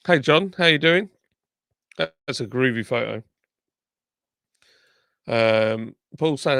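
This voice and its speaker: Gravelly man reading live chat. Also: medium pitch, expressive, slow, fairly bright tone, dry recording, clean studio sound. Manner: chatty, reads viewer comments aloud, thanks subscribers. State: sore tongue. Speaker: livestream host. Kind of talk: casual live-stream chat reading comments.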